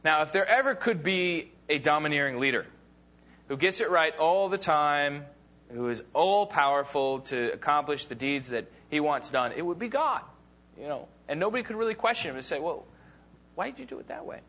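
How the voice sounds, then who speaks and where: Bright-voiced man teaching a Bible class. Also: on the high side, expressive, moderate pace. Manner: casual retelling with fillers, acts out quoted lines. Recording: dull lo-fi recording.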